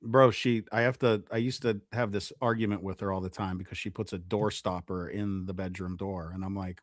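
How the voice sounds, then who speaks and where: A man co-hosting a casual podcast chat, animated and repeating himself as he talks, on a close mic. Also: low voice, fairly quick, hardly any pauses, no room sound. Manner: animated, repeats words, trails off. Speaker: podcast co-host.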